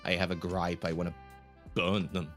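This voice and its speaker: A man's voice: sits low, level tone, normal speed, a bit bright, soft background music. A man from Australia with a mixed Australian accent, a guest content creator in a casual chat. He is chatty, stammers, restarts a lot and laughs easily.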